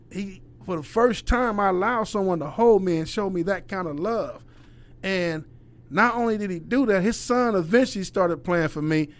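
With a high-pitched voice, a middle-aged youth basketball coach spins stories in casual talk. He's profane and full of energy, acting out the voices of whoever he's quoting.

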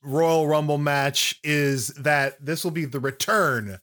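A young man chats on a casual podcast, his voice sitting a touch high. He trades teasing jokes with his co-host. His banter comes quick and playful. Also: fairly bright tone, slight background noise.

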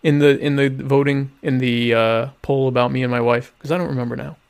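A man hosting a casual live stream, rambling and interrupting himself, with deadpan, mock-pompous humor. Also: mid-range voice, fairly quick, vocal fry, smooth. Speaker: live show host.

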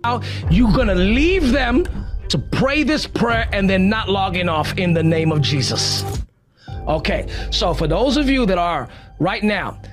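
Playful teasing male preacher, high voice, faint music behind. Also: expressive, unhurried. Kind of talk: live-streamed sermon.

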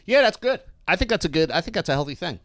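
A man hosting a casual podcast, bantering quickly and laughing often. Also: fairly high pitch, sing-song, a bit bright, no echo, studio quality. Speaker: podcast host.

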